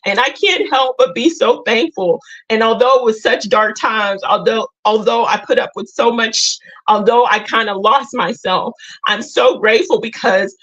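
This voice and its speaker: Emotional woman, lively livestream talk. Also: a little high, normal speed, dull audio. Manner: emotional, earnest, talks to viewers directly. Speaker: livestream host. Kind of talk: casual livestream chat.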